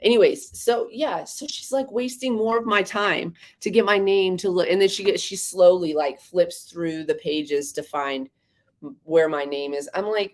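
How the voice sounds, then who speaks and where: Woman with a low, deep register; casual podcast co-host, ranting and exasperated, swears freely. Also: measured pace. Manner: ranting, exasperated storytelling with profanity. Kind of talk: casual livestream chat.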